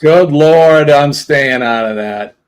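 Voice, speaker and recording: A man's voice: fairly high pitch, takes it slowly, smooth. A man hosting a casual livestream, rambling with lots of ums and uhs. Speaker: livestream host. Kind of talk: casual live chat.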